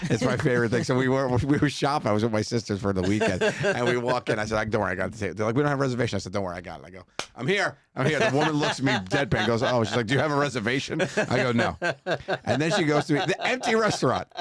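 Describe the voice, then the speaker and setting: A man co-hosting a casual podcast, an animated storyteller who acts out the dialogue and laughs often. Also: mid-range voice, racing. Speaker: podcast co-host.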